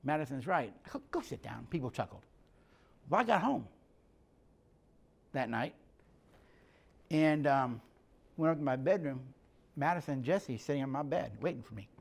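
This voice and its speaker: A man's voice: mid-range voice, expressive, normal speed, vocal fry, long pauses. A middle-aged man giving a conversational teaching talk, telling stories and acting out the dialogue in plain, direct speech. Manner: plainspoken storyteller, acts out dialogue. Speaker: speaker on emotional health and leadership.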